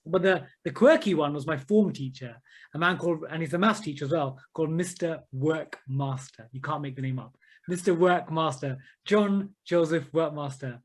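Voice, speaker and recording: A man's voice: fairly high pitch, normal speed. Enthusiastic man telling stories. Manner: enthusiastic, animated storytelling. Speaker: guest, author and maths teacher. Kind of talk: interview conversation.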